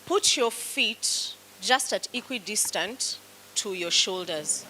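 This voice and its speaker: A woman's voice: medium pitch, lively intonation, sharp tone, slight background noise, poor audio. A woman with a Kenyan accent, teaching a public speaking class and coaching students through exercises in an encouraging way. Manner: slow, coaching, encouraging commands. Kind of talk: classroom instruction.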